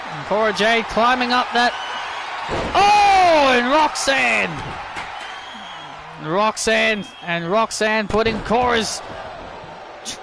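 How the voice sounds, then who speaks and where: A man doing excitable play-by-play wrestling commentary over a video game, yelping at big moves and joking sarcastically about glitches. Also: sits high, noisy background.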